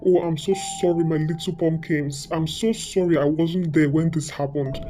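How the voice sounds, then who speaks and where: Woman doing a deep-voiced grieving husband, mellow dark tone, storybook tale, soft music behind. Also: steady tone, normal speed, close to an everyday voice. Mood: vengeful. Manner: low, pleading then threatening. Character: distraught middle-aged husband, protective, vengeful. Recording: background music.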